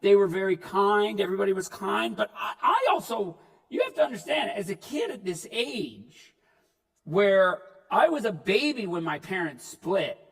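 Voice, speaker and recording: Man, comic keynote storyteller, gravelly husky voice, far from the mic. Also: sits high. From Newfoundland, Canada. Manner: animated, acts out voices, shouts punchlines. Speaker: keynote speaker. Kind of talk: comedic storytelling speech. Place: large hall before an audience. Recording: reverberant hall, speaker off-mic.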